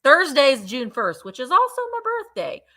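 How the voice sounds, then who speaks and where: A woman's voice: high voice, very animated, normal speed, sharp tone. A woman hosting a live vintage sale, chatting playfully and counting down bids. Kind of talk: live auction selling chat.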